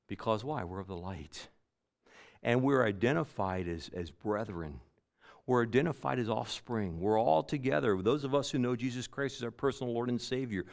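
Emphatic male preacher. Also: on the low side. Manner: swings between loud emphatic lines and quiet, dropping endings; repeats key phrases for emphasis. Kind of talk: sermon.

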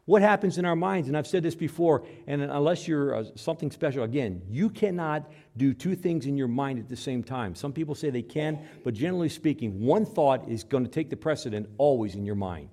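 Preaching briskly with few pauses, a middle-aged pastor voices a back-and-forth between God and doubters. His delivery jumps between loud, high bursts and hushed, low asides.

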